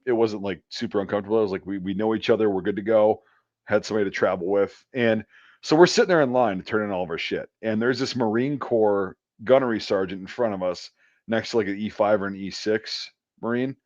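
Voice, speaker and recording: A man's voice: fairly low pitch, fast, darkish tone, no room sound. A man hosting a casual chat from home over an online call, telling a long anecdote in a rambling, profane way full of fillers. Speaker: podcast host. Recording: dull, dry lo-fi call audio.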